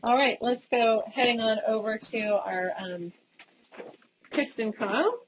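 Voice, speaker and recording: A chatty Australian woman hosts a barbecue cooking segment, keeping things moving with warm affirmations. Her voice is a touch high, with faint noise in the background. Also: unhurried, rough recording. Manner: chatty, encouraging, frequent affirmations. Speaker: host. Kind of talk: casual presenting.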